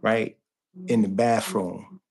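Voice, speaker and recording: A man's voice: on the low side, steady tone, slow pace, gravelly, a little mellow, slight background noise. A man in his forties from New Jersey with a New York accent, a guest musician telling stories in laid-back interview chat.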